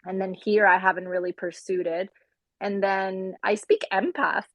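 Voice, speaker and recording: A woman from Puerto Rico, a life coach and guest, talking in a warm, heartfelt way. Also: mid-range voice, little pitch movement, moderate pace, dry recording, lo-fi sound. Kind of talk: casual chat. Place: audio chat room.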